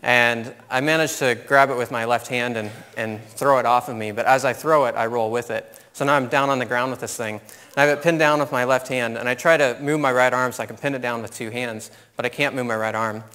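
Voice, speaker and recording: A man in his thirties giving a conference talk, telling a personal story in an animated way and laughing at his own story. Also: mid-range voice, brisk, clean tone. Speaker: conference speaker. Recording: long hall reverb.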